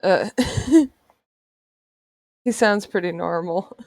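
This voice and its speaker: A woman's voice: on the low side, drawn-out words, darkish tone, no echo, studio quality. A woman artist chatting casually while she draws on a livestream, playful and sarcastic, often laughing. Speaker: artist streamer. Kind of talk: casual chat while drawing on stream.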